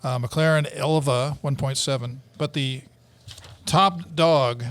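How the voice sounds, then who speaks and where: A man's voice: mid-range voice, slow pace, fairly bright tone. A man co-hosting a casual podcast chat, reading out car prices and quizzing the others. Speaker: podcast co-host.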